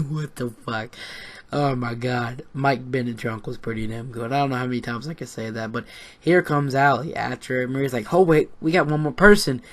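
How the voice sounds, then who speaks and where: A man giving a casual, rambling recap of a wrestling show, excitable and swearing freely, with lots of fillers and restarts. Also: medium pitch.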